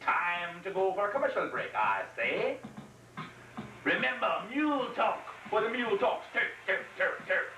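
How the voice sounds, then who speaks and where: A man's voice: sits high, sing-song, moderate pace. A man playing a boisterous mule who hosts a talk show like a brash showman, on a roomy, distant home tape with hiss. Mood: hosting.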